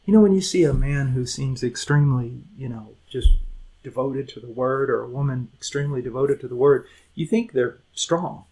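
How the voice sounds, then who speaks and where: A middle-aged man preaching a Bible lesson with earnest, pleading urgency that drops to quiet intensity. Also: medium pitch, moderate pace, slightly rough, rough recording. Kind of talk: sermon.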